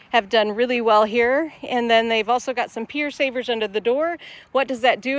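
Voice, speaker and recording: A woman with a slightly bright voice on the high side manages a mobile home sales lot. In a casual walkthrough, she chats upbeatly while showing viewers around a home, first outside and then inside.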